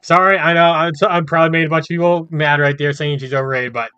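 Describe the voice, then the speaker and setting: Bright-voiced joking gaming commentator. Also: male voice, on the high side, fairly even intonation, fast talker, smooth, no room sound, highs cut off. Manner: casual and joking, laughs often. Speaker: gaming YouTuber. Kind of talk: let's play commentary, reading game dialogue aloud.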